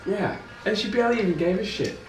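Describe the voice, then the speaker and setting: Aussie bloke, highish lively voice, swears a lot, roomy sound, a bit off mic. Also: male voice, quick pace, far from the mic. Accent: Australian. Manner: swearing, animated, laughing, mocking voices. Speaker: podcast co-host. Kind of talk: casual banter reviewing a show. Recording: roomy room heard from off mic, faint music.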